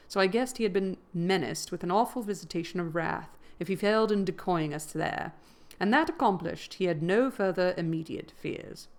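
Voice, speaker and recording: A woman reading a classic novel aloud in a measured narrating voice that grows louder at dramatic moments. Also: lowish voice. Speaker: reader.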